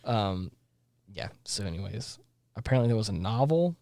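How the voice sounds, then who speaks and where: A man's voice: fairly low pitch, sing-song, moderate pace, gravelly, mellow, no echo. A man co-hosting a casual podcast, reading film trivia aloud with frequent fillers and small laughs. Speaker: podcast co-host.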